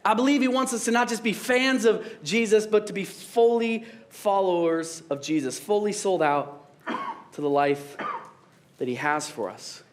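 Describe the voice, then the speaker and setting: A young pastor preaches casually and jokingly at a normal speed, often laughing at his own lines. His voice sits high for a man, and he keeps the sermon light and conversational.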